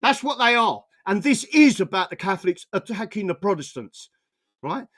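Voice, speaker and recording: A man's voice: sits high, big pitch swings, normal speed, a bit bright. A man from England, delivering an angry, profanity-filled political rant full of stammering restarts. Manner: furious, swearing, stammering restarts. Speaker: political commentator.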